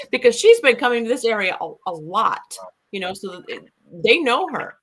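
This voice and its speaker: A middle-aged woman recounting an encounter in casual conversation, animated and acting out the voices she quotes. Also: a little high, moderate pace, rough recording. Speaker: guest. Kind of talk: casual storytelling.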